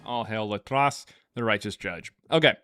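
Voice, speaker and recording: A man's voice: on the low side, normal speed, over music. A man hosting a livestream, telling rambling jokey stories and reading out viewer super chats. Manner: joking, rambling storytelling with laughs. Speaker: livestream host. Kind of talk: casual livestream chat.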